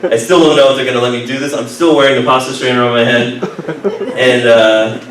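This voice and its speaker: A man telling a personal story to a live group, animated and laughing, acting out other people's lines. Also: medium pitch, a little fast. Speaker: speaker at a humanist group meeting. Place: meeting room. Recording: echoey room, mic far off, noisy.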